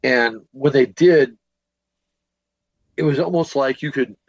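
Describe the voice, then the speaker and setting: A man's voice: mid-range voice, slow pace, dry recording, lo-fi sound. A man from Northwest Indiana telling a long ghost-hunting story in a podcast interview, rambling with lots of fillers and restarts. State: a bit worn from a day of teaching. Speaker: paranormal investigator and teacher guest.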